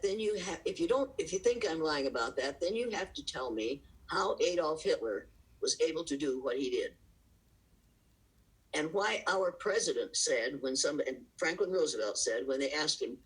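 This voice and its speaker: A woman's voice: low voice, lively intonation, moderate pace, slightly rough, poor audio. A woman giving impassioned, emphatic answers as an interview guest over a video call, pressing her points with rhetorical questions and breaking into laughs between them. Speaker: interview guest, diversity educator.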